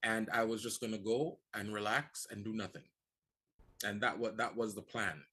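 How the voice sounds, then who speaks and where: A man's voice: fairly low pitch, fairly even intonation, normal speed, fairly bright tone, breathy edge. A man from Jamaica with a Jamaican accent, a guest on a talk show, telling his story earnestly and often repeating words as he starts. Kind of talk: casual talk-show conversation.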